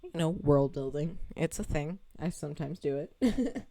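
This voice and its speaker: A woman's voice: deep voice, expressive, measured pace, dark tone. A woman streamer chatting casually to her chat about her game, rambling, laughing often and swearing casually.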